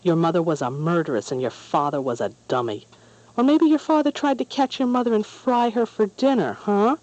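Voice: medium pitch, expressive, moderate pace, mellow, muffled recording, natural voice. A reader voicing a sneering, spiteful boy. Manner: sneering, taunting. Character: spiteful jeering human boy.

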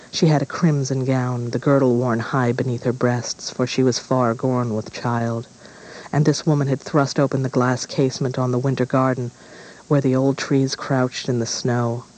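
A man narrating a gothic fairy tale in a measured, dramatic reading. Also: medium pitch, darkish tone, rough recording. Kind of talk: storybook narration.

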